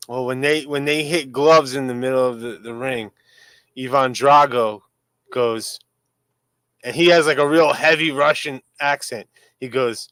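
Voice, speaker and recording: Co-host, man, slow unhurried delivery, dry close sound, laughs a lot. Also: mid-range voice, fairly even intonation, fairly bright tone, smooth, no room sound. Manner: laid-back, laughs often, crude jokes. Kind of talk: casual livestream chat.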